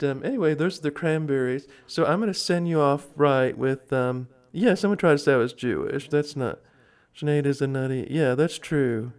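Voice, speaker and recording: A man hosts a casual livestream and rambles through his thoughts, stopping and restarting with plenty of fillers. His voice is smooth and clear, sitting at an ordinary middle pitch for a man. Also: a little mellow. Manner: rambling, halting, with many fillers and chuckles. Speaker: livestream host.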